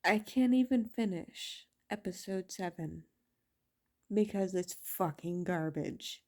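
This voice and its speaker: A woman vents in a casual vlog, talking slowly and bluntly with plenty of swearing. Her voice is mellow and dark-toned, and her exasperation stays steady throughout. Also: lowish voice. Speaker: video reviewer.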